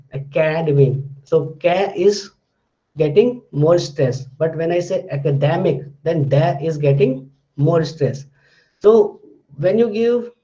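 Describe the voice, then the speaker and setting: A man's voice: high-pitched, mellow, dull audio. A male lecturer explaining things step by step, repeating his words and examples with frequent fillers. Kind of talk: recorded lecture.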